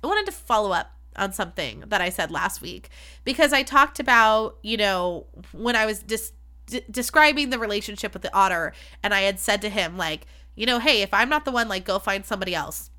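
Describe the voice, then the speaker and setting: A woman's voice: medium pitch, lively intonation, a little fast, bright, forceful tone. A woman hosting her own podcast, talking candidly and chattily, swearing freely and poking fun at herself. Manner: frank, swears freely, chatty and self-deprecating. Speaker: podcast host. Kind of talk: candid solo podcast talk.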